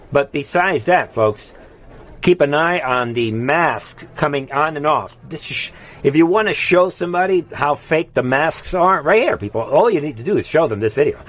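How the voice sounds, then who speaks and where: A man's voice: mid-range voice, dry recording. A man hosting an online commentary show, talking casually and mocking the news clips he plays. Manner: mocking, sarcastic, laughs at clips.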